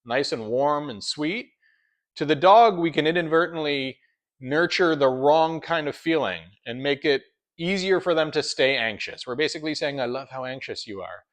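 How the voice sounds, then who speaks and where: A man's voice: on the high side, normal speed. A man who trains dogs, explaining his methods in an instructional talk and often checking in with "right?". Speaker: dog trainer.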